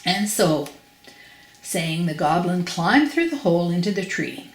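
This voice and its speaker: Storybook narration: older woman, lowish voice, expressive and emphatic, echoey room. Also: unhurried. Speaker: grandparent reading aloud. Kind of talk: children's storybook reading.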